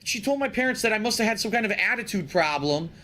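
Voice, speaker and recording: A man's voice: high-pitched, lively intonation, fast talker, a crowd in the background. A man telling a rambling, indignant story about his school days in a casual tone.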